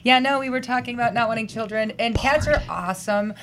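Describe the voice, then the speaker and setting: A woman's voice: a little high, fast talker, a bit bright. A woman in her thirties joins a casual podcast chat. Her humor is dry and blunt, with a faint hum behind her. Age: 30s.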